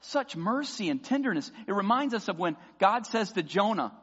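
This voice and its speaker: A man preaching a sermon as pastor, passionate and building to loud emphatic peaks. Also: sits high, sing-song, moderate pace, husky. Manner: impassioned preaching, voices imagined prayers loudly. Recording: dull sound with long hall reverb.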